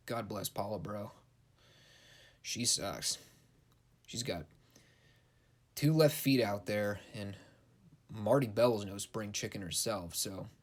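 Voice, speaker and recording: A young man giving a casual, blunt and sarcastic recap of wrestling shows, swearing freely. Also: fairly low pitch. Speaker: wrestling show reviewer.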